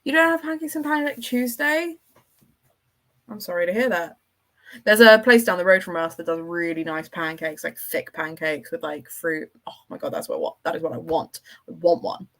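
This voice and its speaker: Chatty woman with a low voice. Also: moderate pace, fairly bright tone. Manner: chatty, rambling, enthusiastic. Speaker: livestream host. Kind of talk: casual livestream chat with viewers.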